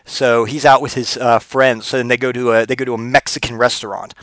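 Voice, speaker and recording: A man's voice: mid-range voice, little pitch movement, fairly quick, a bit bright, dry recording. A man hosting a comedy podcast, delivering a rambling, profane, digressive monologue. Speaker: podcast host.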